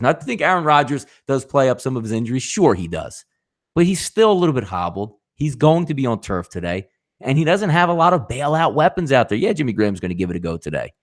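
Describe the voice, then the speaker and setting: A man hosting a live sports betting show, talking animatedly with rhetorical questions and addressing viewers as folks. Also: medium pitch.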